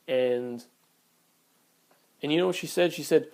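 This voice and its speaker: A man's voice: mid-range voice, normal speed, long pauses, a little mellow. A man telling a personal story on camera in a blunt, profane, heated way. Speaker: vlogger. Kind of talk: casual storytelling rant.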